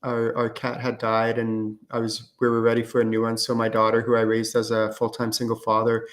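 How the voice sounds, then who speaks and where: A man's voice: medium pitch, completely flat delivery, brisk. A middle-aged man hosting a live-streamed question-and-answer show, talking casually with lots of fillers as he explains and acts out conversations. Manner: casual and chatty, many fillers, acts out student exchanges. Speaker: host and channeling teacher.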